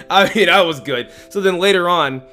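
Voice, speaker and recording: A young man hosting a podcast, telling a story in casual chat, animated and slangy, acting out the lines he quotes. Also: high voice, normal speed, faint music behind. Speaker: podcast host.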